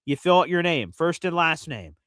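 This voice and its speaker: A man's voice: a little high, sing-song, moderate pace, a bit bright, clean tone, no echo. A man hosting a live fan show in casual talk, chatty and enthusiastic, explaining things step by step. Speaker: host of a fan radio show.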